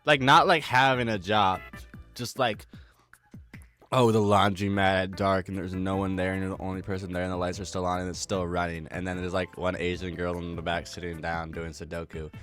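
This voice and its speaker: A man's voice: sits low, little pitch movement, fairly quick, fairly bright tone, soft background music. A man giving a casual, rambling recap of a TV horror episode, full of slang, swearing and fillers. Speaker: video commentator.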